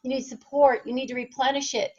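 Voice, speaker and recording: Woman fitness coach talking passionately to camera, kinda high voice, dull lo-fi sound. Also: level tone, fast talker, darkish tone, a little hiss or hum. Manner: earnest, passionate, asks listeners rhetorical questions. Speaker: personal fitness trainer and nutrition coach. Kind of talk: direct-to-camera motivational talk.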